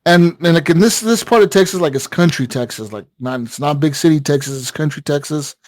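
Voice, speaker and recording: On a gaming podcast, a co-host with a slightly high, darkish male voice tells a long story at a brisk clip. The recording has no room sound, and he rambles casually, swearing and using lots of fillers.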